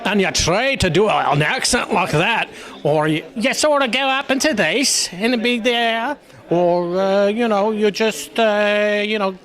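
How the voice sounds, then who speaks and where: A man's voice: high voice, unhurried, a bit bright. A man, a stage actor, answering interview questions in a rambling, hesitant way. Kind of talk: casual interview.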